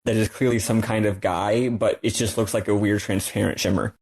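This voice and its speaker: A man's voice: lowish voice, steady tone, brisk, darkish tone, slightly rough. Enthusiastic jokey male podcast co-host. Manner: enthusiastic, loose and jokey, lots of "like". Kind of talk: casual chat about a video game.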